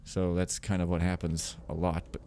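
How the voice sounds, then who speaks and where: A man's voice: deep voice, monotone, moderate pace, warm tone, a little hiss or hum. Joking man rambling over gameplay. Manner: joking, rambling, self-mocking. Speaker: Let's Play commentator. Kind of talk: casual gameplay commentary.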